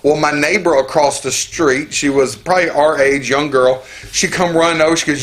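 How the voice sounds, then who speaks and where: A man telling funny stories in casual chat, animated and laughing as he goes. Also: fairly high pitch, moderate pace, hardly any pauses. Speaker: podcast co-host. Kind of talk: casual storytelling.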